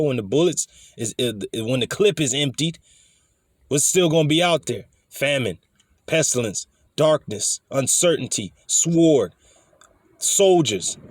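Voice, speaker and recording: A man's voice: on the high side, no room sound, studio quality. A man preaching over news clips, blunt and scolding, with profanity and frequent restarts. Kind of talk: preaching commentary.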